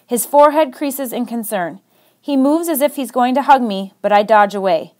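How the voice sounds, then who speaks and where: Female storybook reader, high voice, steady and expressive radio narration. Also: moderate pace. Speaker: reader on a radio book show. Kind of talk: reading a children's novel aloud.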